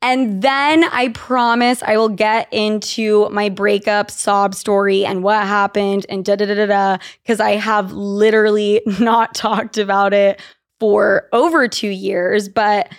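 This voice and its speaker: A woman's voice: mid-range voice, unhurried, smooth. A young woman from Utah hosting a podcast, telling candid, profane stories in casual chat. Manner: candid, profane, animated storytelling. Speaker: podcast host.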